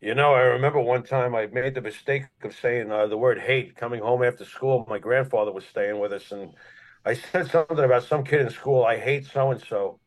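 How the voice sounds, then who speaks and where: A man co-hosting a casual talk show, blunt and sarcastic, who swears freely and tells stories in an animated way. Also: medium pitch, brisk, low-quality recording. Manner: animated when telling a story. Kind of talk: casual conversational storytelling.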